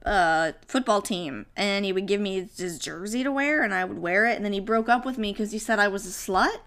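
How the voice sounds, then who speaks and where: A woman's voice: medium pitch, fairly quick, fairly bright tone. A young woman chatting casually, telling candid stories with plenty of swearing. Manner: candid storytelling, swears freely. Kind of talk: casual chat.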